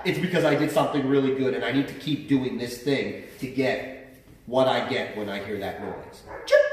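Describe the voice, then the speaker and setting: A man explaining dog training as a trainer, in a plain, explanatory way with some fillers. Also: medium pitch. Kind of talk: instructional explanation. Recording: very echoey, from far off the mic.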